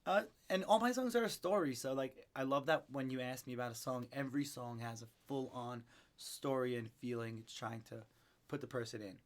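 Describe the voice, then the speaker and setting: A young man in his twenties, an independent musician chatting in an interview and telling an animated story, acting out what people said. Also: mid-range voice, brisk.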